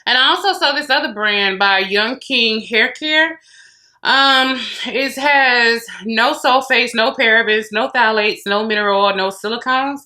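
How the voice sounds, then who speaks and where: In a fairly high, pushed and bright voice, unhurried, an American woman reviews beauty and hair products at home while chatting with viewers. She's a beauty vlogger speaking straight to her audience from a room with a closet behind.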